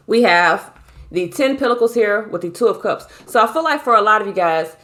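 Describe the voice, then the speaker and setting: A woman's voice: mid-range voice, fairly quick, a bit bright, slight background noise. A woman giving a casual tarot reading, talking bluntly and emphatically with lots of profanity and a way of speaking. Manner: blunt, profane, emphatic, repeats "you feel me". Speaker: tarot reader.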